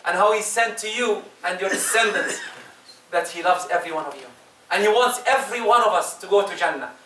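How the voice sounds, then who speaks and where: A man preaching a Friday sermon, emphatic, with his voice swinging between loud rises and soft drops. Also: high-pitched, a little fast. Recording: echoey room, distant mic.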